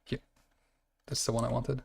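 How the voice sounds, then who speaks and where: Brief: male streamer, gravelly mid-pitched voice, loose rambling game commentary. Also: little pitch movement, moderate pace. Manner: rambling, self-correcting, laughs at himself. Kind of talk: casual gameplay commentary.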